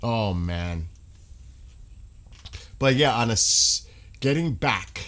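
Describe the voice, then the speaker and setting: A man's voice: mid-range voice, animated, slow, fairly bright tone. Giggly man rambling on a live stream. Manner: laughing, rambling, breaks into sung snippets. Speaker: livestream host. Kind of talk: casual live-stream chat.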